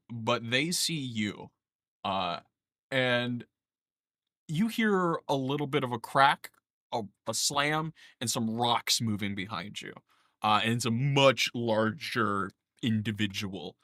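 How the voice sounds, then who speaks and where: A man's voice: mid-range voice, pushed and bright, no echo, studio quality. A man narrating a tabletop game as game master, casual with plenty of fillers. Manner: casual, laughing, lots of uh fillers.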